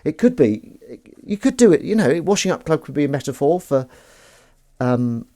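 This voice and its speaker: A man's voice: a little high, big pitch swings, moderate pace, dark tone. A man hosting a live stream, chatting casually, joking and playing mock-outrage at the chat's comments. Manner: jokey, rambling, mock-outraged at chat.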